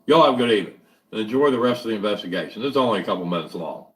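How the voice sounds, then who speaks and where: Male host, low voice that jumps around a lot, chatty and rambling, mic set back from him. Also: rapid-fire, breathy edge, distant mic. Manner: rambling, animated, many restarts. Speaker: podcast host. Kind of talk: casual chat.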